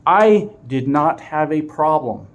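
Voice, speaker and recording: A man's voice: fairly high pitch, lively intonation, slow, dull audio. A man voicing a stern middle-aged male bus driver who makes blustering, threatening announcements.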